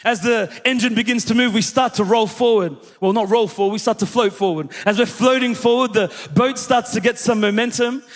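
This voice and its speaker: A male pastor preaches to his congregation, telling a story with lively energy and calling out questions to the room. His voice sits unusually high. The sound rings with the long reverb of a church hall. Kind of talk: sermon with storytelling.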